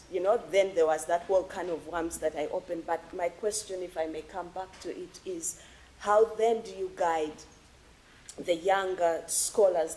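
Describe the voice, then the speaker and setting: A woman from Uganda asking an earnest, emotional question at an academic forum in a lecture hall, with halting restarts. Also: fairly low pitch, a little mellow. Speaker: audience member asking a question.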